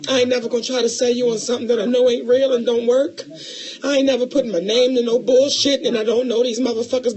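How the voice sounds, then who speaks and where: A middle-aged woman co-hosting a podcast in casual chat, loud and emotional, swearing freely and calling callers baby. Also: a little high. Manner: loud, profane and emotional, calls listeners baby. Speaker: podcast co-host.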